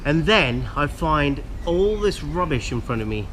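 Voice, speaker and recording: A man's voice: on the high side, sing-song, a little slow, fairly bright tone, slight background noise. A man vlogging outdoors by a river, earnestly urging viewers not to litter. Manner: earnest ranting appeals to viewers. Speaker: hiking vlogger. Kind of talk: outdoor vlog talk to camera.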